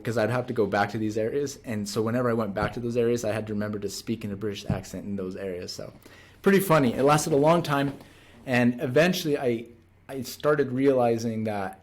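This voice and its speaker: A man's voice: fairly low pitch, darkish tone. Earnest man telling a rambling story. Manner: earnest, rambling with frequent restarts. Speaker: door-to-door salesman. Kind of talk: casual storytelling monologue.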